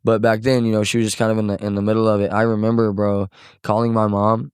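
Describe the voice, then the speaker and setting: A young man from Missouri with a fairly low voice talks as a podcast guest, loose and rambling, full of "like" and "bro" and casual swearing. His tone is subdued and heavy. The sound is dry and close, with no room around it. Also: little pitch movement, quick pace, darkish tone, smooth, no echo. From Missouri, USA. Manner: subdued and heavy when recounting loss. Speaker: podcast guest, songwriter and musician. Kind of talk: casual conversation.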